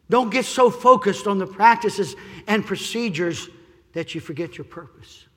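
A male pastor preaching a sermon, building from quiet pleading to loud shouting and repeating his key phrases. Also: high-pitched, in a large hall. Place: church sanctuary.

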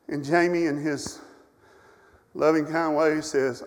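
A middle-aged man with a high voice preaches a sermon, telling stories from his own life. He swings between loud, pressing passages and quiet, hushed ones. His voice rings out in a hall with a long reverb. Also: steady tone, slow, long pauses. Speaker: camp director preaching.

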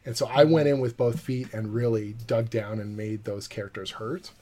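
A man, a comic book writer, telling a lively anecdote in a podcast interview and acting out the quoted dialogue. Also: medium pitch, moderate pace, a crowd in the background.

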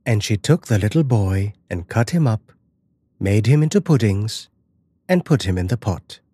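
A man giving a measured, dramatic scripted narration of a horror fairy tale. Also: lowish voice, animated, dark tone, slightly rough, no echo.

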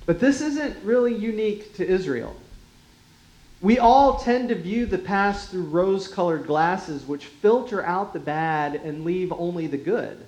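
A pastor preaching a sermon at a slow, deliberate pace. The voice is mid-pitched and often sinks to a quiet hush at the ends of phrases. It rings with a roomy echo. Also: animated. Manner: measured, unhurried delivery with quiet drops in volume and light chuckles.

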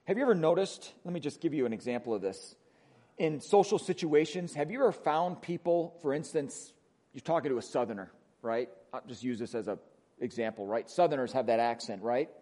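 A man with a Wisconsin accent preaching a sermon as pastor, conversational, often asking "right?", moving between emphatic lines and hushed ones. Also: mid-range voice, lively intonation, a little fast. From Wisconsin, USA.

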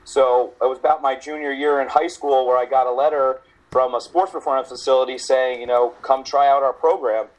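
A man guesting on a podcast, a coach recounting his story plainly and steadily at a middle pitch for a man. His tone stays even and conversational, heard over a video call. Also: a little fast, poor audio. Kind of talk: casual interview chat.

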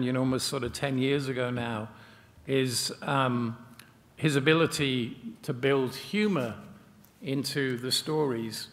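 A man telling a Buddhist teaching story in a relaxed, conversational way, often pausing on fillers. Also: medium pitch, vocal fry, long reverb tail. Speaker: meditation center member discussing a Buddhist book. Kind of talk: casual spoken explanation.

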